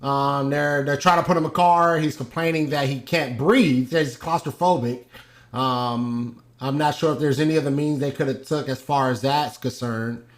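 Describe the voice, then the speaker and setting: A young man talking through a video clip in an unscripted, casual way. He hesitates often, fills pauses with "um" and restarts his sentences as he goes. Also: medium pitch, steady tone. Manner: hesitant, many ums and restarts. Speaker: host.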